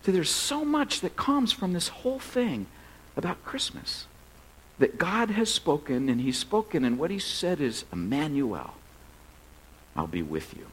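A male pastor preaches with a husky edge to his voice, his pitch rising and falling in lively swings. He talks to the congregation in a relaxed, joking way and pokes fun at himself. When he prays, he turns earnest and quiet. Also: a little slow, low-quality recording. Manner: conversational and self-deprecating, joking with the congregation; earnest, softening to a quiet prayer. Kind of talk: sermon. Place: church service.

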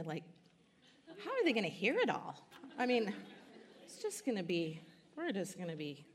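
Earnest woman giving an emotional testimony. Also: fairly low pitch. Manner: emotional, earnest, halting with many fillers. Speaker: conference speaker. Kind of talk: testimony and teaching at a church conference.

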